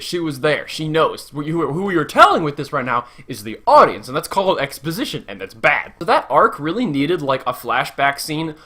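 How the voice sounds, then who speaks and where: A man giving a casual spoken movie review, animated and chatty, full of "like" and mild swearing. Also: mid-range voice.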